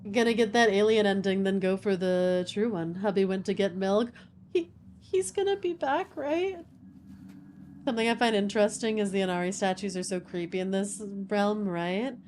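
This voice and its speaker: A woman's voice: medium pitch, fairly even intonation, a little fast, hardly any pauses, darkish tone. Young woman gaming on stream, joking around w chat, bit of background hiss.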